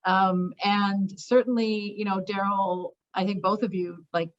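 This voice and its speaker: A woman speaking on an industry panel, thoughtful and hesitant, with frequent fillers. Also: mid-range voice. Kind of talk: panel discussion. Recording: dull lo-fi audio.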